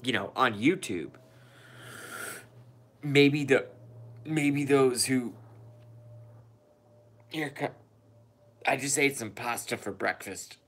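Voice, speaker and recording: A man's voice: mid-range voice, slow pace, long pauses, fairly bright tone. A man streaming a rambling, profane rant in a casual monologue, emphatic and cursing freely.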